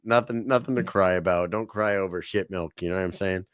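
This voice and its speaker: A man's voice: deep voice, a little fast, clear, resonant tone, no room sound. Male podcast co-host, jokey and profane, dry, close sound. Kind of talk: casual chat, anecdotes.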